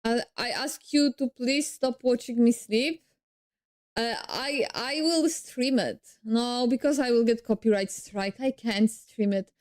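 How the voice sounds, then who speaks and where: Slow-talking high-voiced woman streamer. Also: a little mellow, dry recording, studio quality. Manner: chatty, amused, unhurried. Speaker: streamer reacting to a video. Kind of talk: casual reaction chat.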